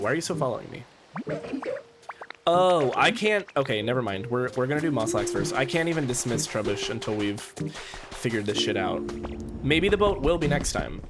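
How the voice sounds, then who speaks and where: Playful gameplay streamer, lively intonation, casual and joking. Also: medium pitch. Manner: playful, chatty, laughs often. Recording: game music playing behind.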